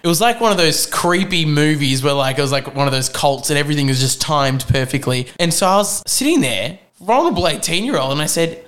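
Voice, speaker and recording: A young man in his twenties, co-hosting a casual chat, telling a story with animated voices and frequent laughs. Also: fairly high pitch, brisk, few pauses. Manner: animated, acts out voices in anecdotes, laughs often. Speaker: podcast co-host.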